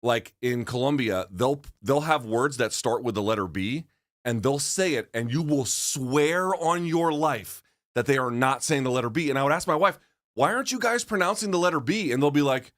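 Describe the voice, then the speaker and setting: A man co-hosting a sports talk show in a studio, chatting in an animated, talkative way and cutting in often. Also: medium pitch, moderate pace, no echo. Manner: animated, chatty, talks over his co-host. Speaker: podcast co-host.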